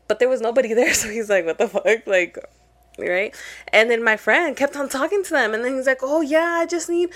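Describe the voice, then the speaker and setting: A woman's voice: mid-range voice, fairly bright tone. A young woman co-hosting a podcast, telling a story in casual chat with lots of swearing and Spanish phrases mixed in. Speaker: podcast co-host.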